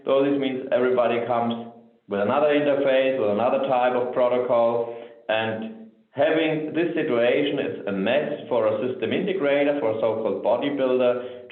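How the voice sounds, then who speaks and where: A man delivers a technical webinar presentation at an ordinary mid pitch, pacing his points with "so" and "um". His voice comes through a thin, telephone-like line. A roomy echo hangs around every word. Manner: measured, frequent "so" and "um" fillers. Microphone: remote webinar audio.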